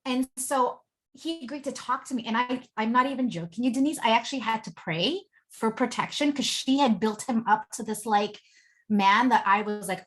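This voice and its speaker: A woman relationship coach, a podcast interview guest, telling stories in an animated way with many fillers. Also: a little high, moderate pace. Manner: animated storytelling with lots of fillers.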